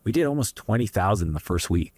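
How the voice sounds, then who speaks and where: A man from Canada speaks in a lowish voice, earnest and rambling, doubling back on his words and adding asides. The sound is dry and close, with no room around him. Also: very animated, brisk, a little mellow, slightly rough, dry recording. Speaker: guest entrepreneur. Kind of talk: candid interview storytelling.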